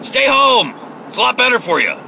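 Guy venting in his car, swears a lot, sarcastic, sharp bright voice. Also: very high voice, very animated, a little fast, vocal fry, slight background noise, low-quality recording. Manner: profane, sarcastic, heated ranting. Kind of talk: ranting political monologue.

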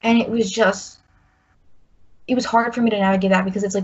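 A woman's voice: mid-range voice, fairly even intonation, a little fast, long pauses, breathy edge. A woman in her twenties telling a personal story, rambling with many "like"s and restarts. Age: 20s. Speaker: guest sharing a personal story. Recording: slightly muffled recording.

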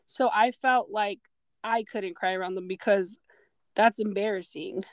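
A woman's voice: mid-range voice, fairly even intonation, unhurried, no room sound. Twenty-something woman, reflective podcast host. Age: 20s. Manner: reflective, personal storytelling with many fillers. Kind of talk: casual podcast conversation.

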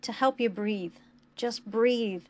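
A woman reading a story aloud, voicing a steady young man who comforts a friend in a gentle, earnest way. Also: a little high, slow. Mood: reassuring. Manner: gentle, reassuring, warmly earnest.

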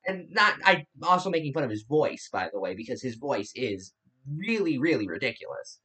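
A woman's voice: a bass voice, sing-song, moderate pace, fairly bright tone, husky. A woman giving casual political commentary in a blunt, sarcastic way.

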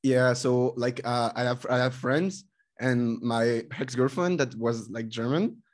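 A young man from France with a French accent, a guest chatting casually in halting English full of fillers. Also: medium pitch. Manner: relaxed, halting, many "like" fillers. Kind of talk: casual podcast chat.

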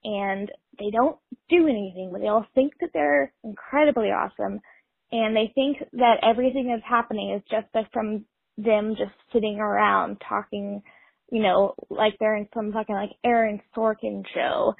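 A woman's voice: medium pitch, fairly even intonation, moderate pace, vocal fry, husky, dry recording. A woman leaving a frustrated, swearing rant as a voicemail caller. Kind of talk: ranting voicemail. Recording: tinny phone voicemail.

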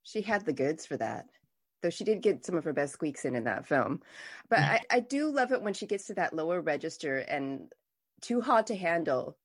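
A woman's voice: deep voice, sing-song, normal speed, husky. A woman hosting an interview, speaking in an enthusiastic, effusive way and often restarting her sentences. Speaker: podcast host. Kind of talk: conversational interview.

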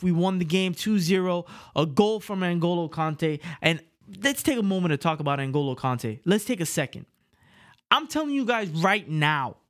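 Hip hop plays in the background as this solo podcast host from Miami, Florida rants excitedly over a video call microphone. His voice is high-pitched and a bit bright, and he curses liberally while getting worked up and emotional.

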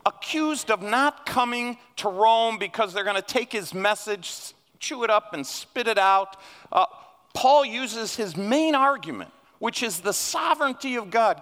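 A man preaches a sermon from the pulpit, his voice bright and ringing. He swings widely in pitch and builds to emphatic peaks. The sound carries a long reverb from a church hall. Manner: animated, rising to emphatic peaks. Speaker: guest preacher. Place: church sanctuary.

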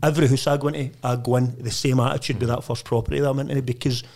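A Lanarkshire man in his thirties talks at a brisk clip with a middle-pitched voice. He tells his stories in a blunt, boastful way and peppers nearly every sentence with swearing. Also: level tone, darkish tone. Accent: Scottish, Lanarkshire. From Lanarkshire, Scotland. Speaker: estate agent, podcast guest. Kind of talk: casual storytelling chat.

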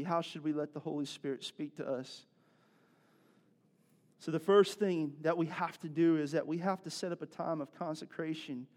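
A man, preaching a sermon in a conversational, animated storytelling way with asides to the congregation. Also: on the high side. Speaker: pastor.

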